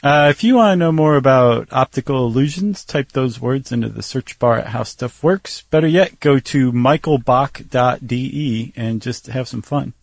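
A man co-hosting a casual podcast with a wry, joking manner. Mid-pitched voice, recorded close on a dry studio mic with no room sound. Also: normal speed, creaky, hardly any pauses, no echo. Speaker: podcast co-host.

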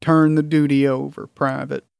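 A man reading the lines of a grizzled older army captain who speaks in an even, cold tone. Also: medium pitch, moderate pace, vocal fry, clear, resonant tone, no room sound, clean studio sound, lightly acted.

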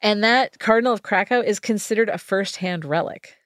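A woman's voice: mid-range voice, normal speed, no room sound, studio quality. A woman hosting a podcast, casually telling a true-crime story with jokes, reading quotes and laughing often. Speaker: podcast host.

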